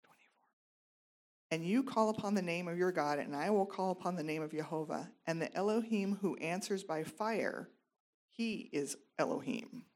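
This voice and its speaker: A woman reading scripture aloud in a steady, measured way during a Bible study. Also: fairly low pitch. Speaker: scripture reader.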